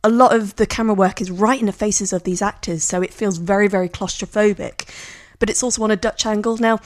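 A woman in casual conversation, describing a film she picked in an expressive, storytelling way. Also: mid-range voice, fast, no room sound. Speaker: podcast co-host.

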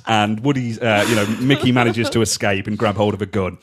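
A man's voice: fairly low pitch, fairly even intonation, fairly quick. A man, co-hosting a casual film podcast, enthusiastic and laughing often as he tells stories. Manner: enthusiastic, laughs often while telling anecdotes. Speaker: podcast co-host.

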